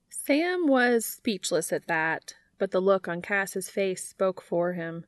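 A woman's voice: on the low side, a little slow, few pauses, no echo. A woman narrating fan fiction aloud in a wry, dry storytelling manner.

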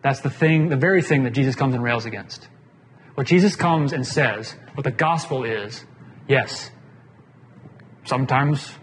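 A man preaching a casual sermon as pastor, plain-spoken and conversational, often putting questions to the congregation. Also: mid-range voice. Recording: long hall reverb, faint room noise.

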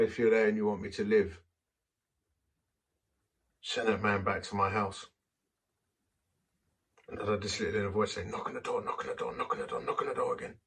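A man's voice: on the low side, gravelly, fairly bright tone, recorded from a distance, a little hiss or hum. A man who is a vicar, telling a story in a sermon in a self-deprecating, anecdotal way and acting out the quotes.

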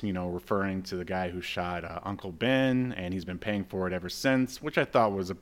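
A man with a fairly low voice, co-hosting a podcast in a casual chat. He walks through the comic panel by panel, laid-back and chuckling as he reads out the lines. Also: expressive, brisk, few pauses, a bit bright. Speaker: podcast co-host.

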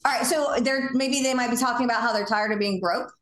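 A woman with a Southern US accent hosting a podcast, coaching in a casual, animated way and acting out sample conversations. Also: a little high, quick pace, reverberant. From Southern United States. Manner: animated, acts out sample dialogue in lively voices. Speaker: podcast host.

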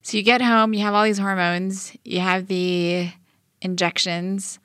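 A woman's voice: mid-range voice, little pitch movement, unhurried, a bit bright, smooth, dry recording, clean studio sound. A woman interviewer who recaps what she has heard and then asks probing follow-up questions. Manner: probing, recaps before asking.

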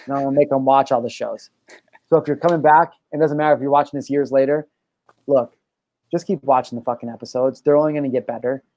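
A man hosting a casual podcast, joking around, animated, and swearing freely. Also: mid-range voice, fast talker, dry recording. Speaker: podcast host. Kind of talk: casual chat.

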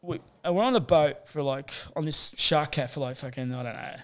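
A man's voice: fairly high pitch, fairly quick, a bit bright. A man telling rambling, sweary stories in a casual chat, full of fillers.

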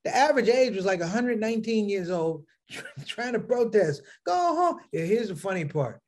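A middle-aged man doing stand-up comedy, telling stories in an animated way and acting out characters. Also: sits high, moderate pace. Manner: animated storytelling, acts out characters.

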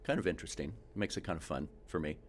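A man who works as a home inspector, telling animated stories in a casual interview and acting out the people he quotes. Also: extremely low pitch, fast, a little hiss or hum. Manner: animated storyteller, acts out quotes, frequent restarts.

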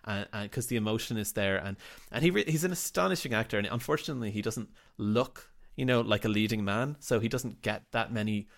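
A man with a fairly low voice speaks as a guest in a casual interview. He talks about his work in a thoughtful, meandering way. He often doubles back and restarts his sentences. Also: a little fast, creaky, few pauses. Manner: reflective, rambling with frequent restarts. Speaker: writer and director of the drama.

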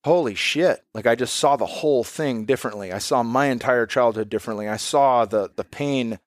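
A man's voice: mid-range voice, fairly quick, dry recording, clean studio sound. A man in his thirties, a podcast guest and father, talking in a candid, reflective way and swearing casually.

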